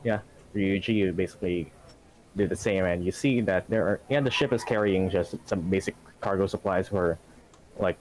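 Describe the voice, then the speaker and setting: A man's voice: deep voice, moderate pace, a little mellow, faint music behind, low-quality recording. Laughing, rambling male game master. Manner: rambling, laughing often, many fillers. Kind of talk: narrating a tabletop game.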